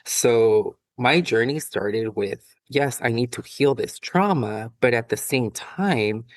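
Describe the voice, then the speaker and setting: A male guest from San Diego talks openly about his life at a middle pitch. His manner is frank, with laughter now and then. The sound is dry, with no echo. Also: lively intonation, takes it slowly. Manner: open, candid, laughs often. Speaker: author guest. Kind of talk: candid personal storytelling.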